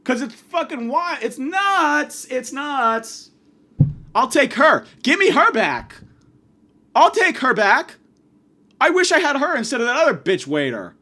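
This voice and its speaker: A man's voice: extremely high pitch, big pitch swings, measured pace, pushed and bright. A man hosting a podcast, delivering a profane, sarcastic comedic rant. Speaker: podcast host.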